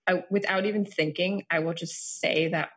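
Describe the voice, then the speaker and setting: A woman's voice: lowish voice, steady tone, moderate pace, fairly bright tone, husky. A woman chatting casually, rambling along with many "like" fillers. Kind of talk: casual chat.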